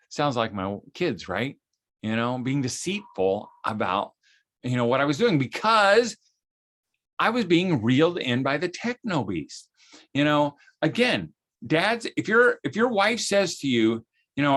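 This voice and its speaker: A middle-aged man talks to parents in a loose storytelling way. His pitch swings widely, and he often jumps into high, squeaky voices to act out what his wife or kids said. The delivery is lively and conversational. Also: moderate pace. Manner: animated, acts out quotes in high squeaky voices. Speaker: speaker on parenting. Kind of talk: casual storytelling talk.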